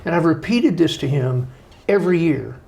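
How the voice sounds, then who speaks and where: Gravelly, high-ish middle-aged man; animated storytelling guest. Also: moderate pace. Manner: folksy, animated storytelling with acted-out quotes. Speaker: guest author. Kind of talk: conversational interview.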